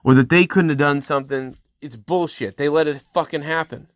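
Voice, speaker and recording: A podcast host in his thirties delivering an angry, heavily profane solo rant, swearing constantly and working himself up into loud outbursts. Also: fairly high pitch, a little fast, no echo, studio quality.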